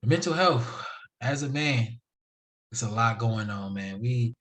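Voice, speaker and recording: A man's voice: mid-range voice, expressive, takes it slowly, fairly bright tone. A young man hosting a solo podcast, talking casually in a slangy, emphatic, preachy way. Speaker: podcast host.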